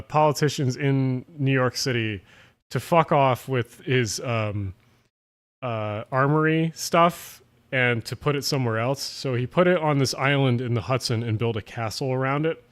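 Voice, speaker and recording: A man with a Jersey and Philly area accent chatting casually on a late-night livestream, rambling, swearing and running his words together. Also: medium pitch. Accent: New Jersey/Philadelphia. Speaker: streamer.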